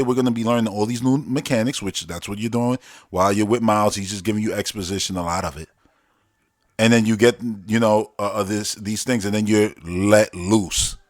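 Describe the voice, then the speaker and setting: A man hosting a podcast, ranting casually and jokingly, swinging between loud outbursts and low, quiet asides. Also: no echo, studio quality. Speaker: podcast host. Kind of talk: casual commentary rant.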